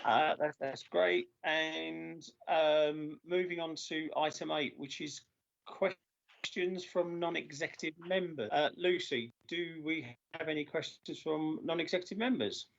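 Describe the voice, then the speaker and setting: A man chairing a formal council meeting over a video call, halting with many filler sounds and losing his voice. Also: on the high side, fairly even intonation, vocal fry. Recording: dull lo-fi video call audio.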